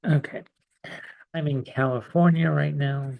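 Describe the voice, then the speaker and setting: A man working as an astrologer, talking slowly and hesitantly with many pauses and fillers as he shares charts on a live stream. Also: fairly high pitch, steady tone, vocal fry, narrow, tinny audio. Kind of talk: slow casual live-stream talk. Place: home in California.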